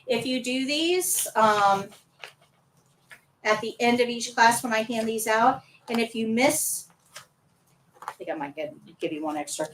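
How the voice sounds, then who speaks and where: High-voiced woman teaching a class. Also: animated, a little slow, pauses often, a bit bright, far from the mic, slight background noise, low-quality recording. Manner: upbeat, coaxing students to answer. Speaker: nursing assistant instructor. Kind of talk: live classroom lesson.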